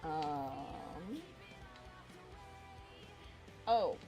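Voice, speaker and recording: A woman's voice: deep voice, animated, extremely slow, music in the background. A young adult woman streaming while she draws, chatting casually, laughing often and swearing freely. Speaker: streamer and artist. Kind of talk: casual live-stream chat while drawing.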